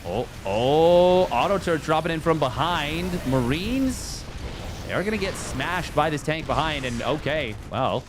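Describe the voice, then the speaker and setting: A man casting a strategy game tournament on his own, jokey and excitable, riffing between plays. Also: a little high, noisy background. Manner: jokey, excitable, riffs and sing-songs. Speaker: esports caster. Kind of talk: solo game commentary.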